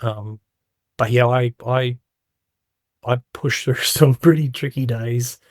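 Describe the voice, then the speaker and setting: A man's voice: medium pitch, fairly even intonation, slow, a little mellow, no room sound, clean studio sound. A middle-aged man candidly recounting his story in a casual interview, acting out quoted voices as he goes. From Australia. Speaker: guest.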